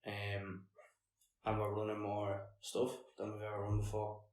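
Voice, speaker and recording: A man's voice: fairly low pitch, completely flat delivery, measured pace, darkish tone. A young Irish man co-hosting a casual podcast chat, teasing and joking with his friends. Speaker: podcast co-host, calisthenics coach. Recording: echoey room, mic at a distance.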